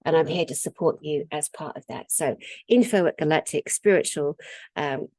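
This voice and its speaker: A woman hosting and announcing a conference to her viewers in an earnest, excitable monologue full of fillers. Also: low voice, normal speed, dry recording, rough recording.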